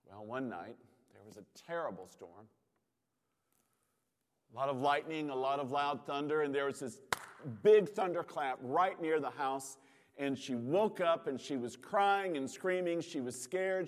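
A man preaching a sermon as a pastor, in a measured delivery with long dramatic pauses, in a church sanctuary. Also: medium pitch. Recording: long hall reverb.

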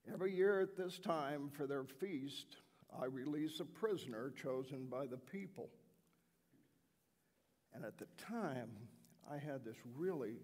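An actor playing a remorseful Roman governor who justifies himself in a dramatic first-person monologue, his delivery earnest, swinging from shouts to hushed tones. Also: medium pitch, in a large hall.

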